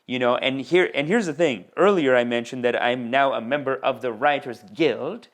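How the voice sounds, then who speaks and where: A man's voice: mid-range voice, normal speed. Rambling, slangy male comedian. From India. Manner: rambling, slangy, full of bro and dude. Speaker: stand-up comedian and podcast host. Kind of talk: casual comedic monologue.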